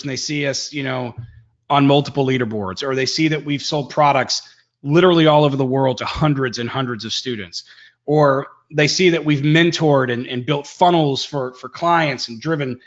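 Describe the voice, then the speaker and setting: Guy coaching a live marketing webinar, pretty high voice, punchy and emphatic, muffled lo-fi sound. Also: moderate pace. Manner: energetic, emphatic, swings pitch and pace for effect.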